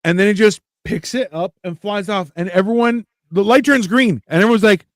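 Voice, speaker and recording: Dry-sounding man telling animated stories. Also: high-pitched, fairly quick, dry recording. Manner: animated anecdotes with acted-out quotes. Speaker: podcast host. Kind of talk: casual chat. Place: Toronto area.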